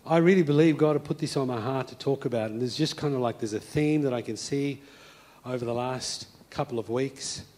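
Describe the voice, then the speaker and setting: A male pastor preaching a sermon, telling a story and then moving into a soft, hushed call to prayer. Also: medium pitch, slight background noise. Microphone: speaking to a congregation and viewers at home.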